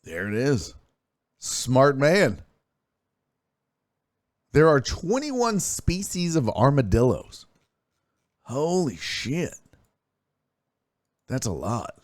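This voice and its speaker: Lively, animated man hosting a stream. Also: mid-range voice, drawn-out words, long pauses, dry recording, clean studio sound. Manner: animated, reads chat messages aloud and swears freely. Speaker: sports streaming show host. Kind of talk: casual live-stream chat and storytelling.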